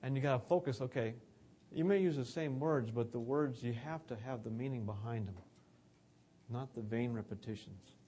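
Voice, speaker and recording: A man's voice: medium pitch, moderate pace, mellow, a little hiss or hum. A man giving an earnest, conversational sermon about scripture.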